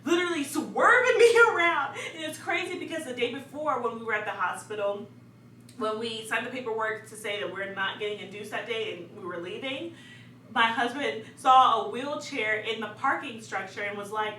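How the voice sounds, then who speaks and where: A young woman telling a story in a casual, animated way, laughing often and dramatizing events. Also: on the high side, normal speed. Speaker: vlogger. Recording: echoey room, distant mic, faint hum.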